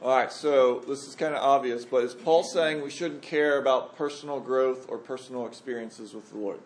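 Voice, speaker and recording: A man's voice: mid-range voice, moderate pace, a little hiss or hum. Man, conversational Bible study teacher, emphatic, questions the group, echoey room.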